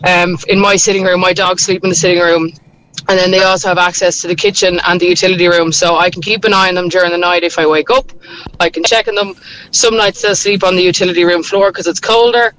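A woman, a dog walker, calling in to give calm, practical advice. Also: fairly low pitch, fast talker, slight background noise, rough recording. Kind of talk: phoned-in voice message with advice.

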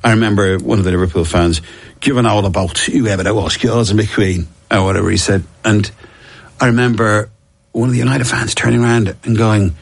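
A man's voice: lowish voice, steady tone, a little fast, vocal fry, dry recording. A middle-aged Irish man telling long rambling stories in casual chat, with lots of restarts and chuckles. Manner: rambling storyteller, many restarts and laughs.

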